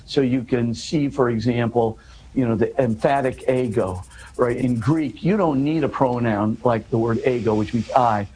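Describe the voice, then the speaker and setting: A man's voice: mid-range voice, normal speed, mellow, slight background noise, low-quality recording. A man in an interview, earnestly explaining a scripture passage, often restarting and pushing his voice up for emphasis.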